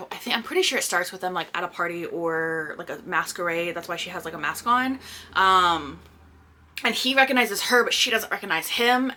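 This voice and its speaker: A young woman talks through her reading in a loose, rambling way, often doubling back on her words. Her voice sits in a middling pitch with a clear, bright edge. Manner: chatty and scattered, many restarts and fillers. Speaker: book vlogger. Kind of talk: casual chat. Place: indoors at home by a sunny spot.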